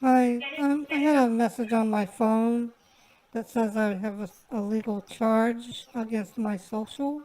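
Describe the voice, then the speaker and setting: Woman, scambaiter, chatty, laughs easily, slightly higher voice, live-stream call. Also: steady tone, unhurried, mellow, low-quality recording.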